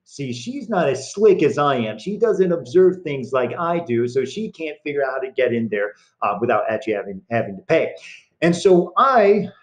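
A man's voice: mid-range voice, sing-song, moderate pace, low-quality recording. A young man teaching a recorded history lesson, telling a long story in a casual, chatty way with many fillers.

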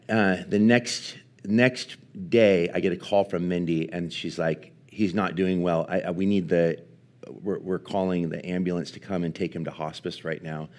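A man preaching at a live church service, telling a personal story in an earnest, halting way with many restarts. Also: sits low. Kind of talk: sermon storytelling.

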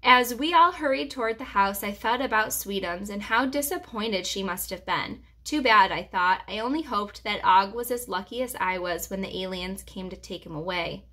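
A preschool teacher reading a chapter book aloud to children in a gentle, reassuring storyteller's manner. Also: female voice, mid-range voice, moderate pace, few pauses.

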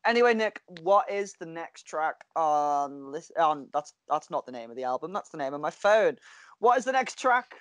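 A man's voice: on the high side, lively intonation, moderate pace, fairly bright tone, clean tone, no echo. A man co-hosting a podcast, chatting casually over a video call and telling stories with frequent laughter. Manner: chatty storyteller, laughs often. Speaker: podcast co-host. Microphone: video call mic.

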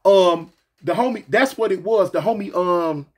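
A man telling a story from his past casually, slangy and animated, acting out the other voices. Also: sits high, moderate pace, slightly rough.

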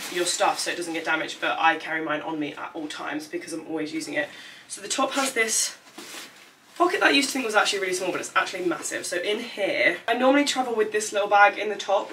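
A woman's voice: lowish voice, pushed and bright, recorded from a distance, slight background noise. A young woman chatting casually through a packing vlog, rambling with lots of fillers. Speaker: vlogger.

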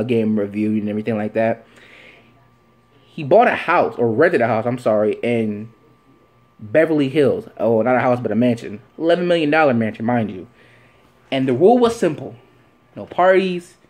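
A man vlogging an opinionated sports rant, his voice sitting a touch high and swinging widely up and down. He fires off rhetorical questions and leans on repeated phrases for emphasis.

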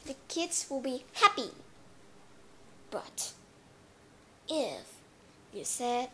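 A woman's voice: sits high, sing-song, slow pace, pauses often, slight background noise. A woman teaching simple in a playful way, acting out little scenes with sound effects. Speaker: English teacher. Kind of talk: simple English lesson for learners.

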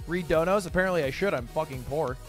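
A man's voice: a little high, fast. A man in his twenties streaming, chatting casually with viewers, reading their messages aloud and answering with profane, sarcastic jokes. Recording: faint music behind.

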